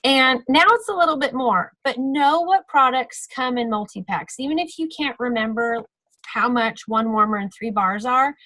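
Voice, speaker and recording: A woman's voice: a little high, animated, normal speed, bright, forceful tone, no echo, low-quality recording. A woman giving a casual, practical training talk on a video call, chatty and full of fillers and self-corrections. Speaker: sales team trainer.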